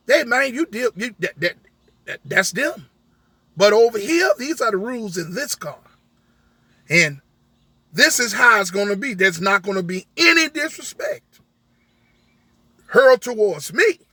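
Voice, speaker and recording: High, bright-voiced driver ranting. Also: male voice, dry recording. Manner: emphatic, retells arguments with many "I said" quotes. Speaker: rideshare driver. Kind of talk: storytelling rant to camera.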